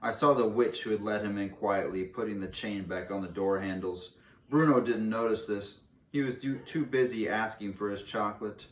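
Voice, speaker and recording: A man reading a children's book aloud with steady, dramatic storytelling. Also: on the low side, normal speed. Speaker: reader. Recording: roomy, distant mic.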